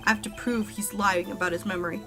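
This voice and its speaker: A woman's voice: mid-range voice, fairly even intonation, quick pace, music in the background, natural voice. A woman voicing an earnest young male defense lawyer in a courtroom video game, determined and plain-spoken.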